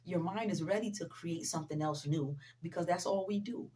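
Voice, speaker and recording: Slightly fast and mellow, her lowish voice carries a casual motivational talk aimed right at her viewers. The vlogger leans on "you know" frequently and repeats key sayings to underline them.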